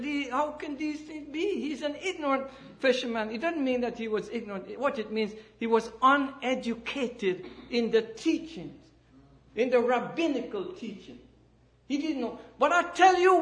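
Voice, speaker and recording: High-voiced emphatic male preacher. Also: a bit bright. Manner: emphatic, rising and falling delivery with calls of amen and hallelujah. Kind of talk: sermon. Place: church.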